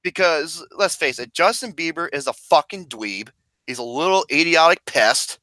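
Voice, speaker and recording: A podcast host rants loudly and swears freely in casual chat. His pitch swings widely, and his voice has a bright, forceful edge. The sound is dry and close. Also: expressive, normal speed, no echo. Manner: loud, profane ranting.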